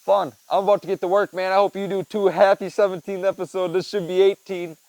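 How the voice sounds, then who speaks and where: A young man chatting casually on his own, rambling and swearing, dropping to mumbles and then getting loud. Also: high voice, flat delivery, quick pace, dry recording, rough recording. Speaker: podcast host. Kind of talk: casual solo chat.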